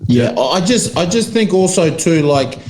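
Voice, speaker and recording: A former rugby player, chatting casually on a sports podcast and laughing often. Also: male voice, on the high side, very animated, normal speed, noisy background.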